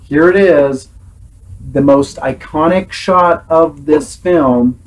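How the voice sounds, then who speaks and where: Brief: unhurried male host, earnest and exasperated movie critic. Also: fairly high pitch, poor audio. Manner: earnest, exasperated critique, sometimes imitates sounds. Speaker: host, film reviewer. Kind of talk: casual film review chat.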